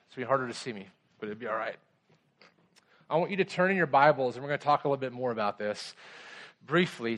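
A man's voice: medium pitch, fast talker, long pauses, fairly bright tone. A middle-aged pastor giving a conversational sermon to children and adults, asking the kids simple questions as he goes.

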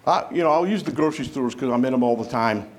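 A man preaching a sermon to a congregation, lively and conversational, acting out the voices of people he quotes. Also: medium pitch, quick pace. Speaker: pastor.

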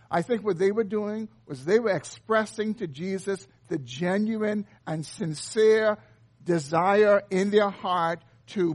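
A man preaching an earnest expository sermon, reading and explaining scripture. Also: high-pitched. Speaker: pastor.

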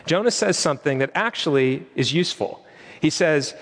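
A man delivering a sermon with an earnest, conversational manner, his voice sitting a little higher than most men's. A long reverb from the church hall trails behind his words. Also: animated, moderate pace. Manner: earnest, conversational preaching with quoted prayers. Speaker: pastor.

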